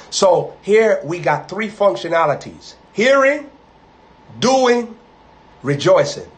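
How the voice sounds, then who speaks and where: A man preaching a live sermon, emphatic and rising to loud, high peaks on key words as he repeats and builds phrases into lists. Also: big pitch swings, slow.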